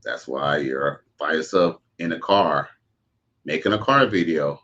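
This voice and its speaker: A man's voice: extremely low pitch, expressive, measured pace, fairly bright tone, dull audio. A man hosting a livestream, giving blunt, preachy commentary in a drawling way. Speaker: streamer host.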